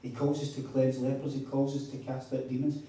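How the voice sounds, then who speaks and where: Preacher guy telling stories, dark mellow tone, heard from back of a big echoey hall. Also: medium pitch, little pitch movement, fairly quick. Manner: storytelling, emphatic repeats. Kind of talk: sermon. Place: hall at a retreat. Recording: echoey hall, mic far off.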